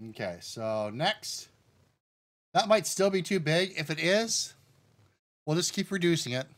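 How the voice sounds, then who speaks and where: A man streaming live as a game developer, relaxed and thinking aloud as he talks himself through settings step by step and turns now and then to answer his chat. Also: a little high, unhurried. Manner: addresses the chat directly.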